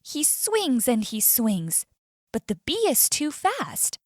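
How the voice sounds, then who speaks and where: Slow, expressive woman storyteller. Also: high voice, no echo, clean studio sound. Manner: clear, expressive, deliberate. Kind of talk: slow scripted story narration for learners.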